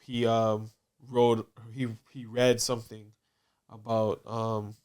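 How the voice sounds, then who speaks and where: Guy chatting on a dad podcast, rambly, loose, mid-pitched. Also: little pitch movement, takes it slowly, a little mellow, clean tone. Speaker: podcast co-host, father. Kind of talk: casual chat.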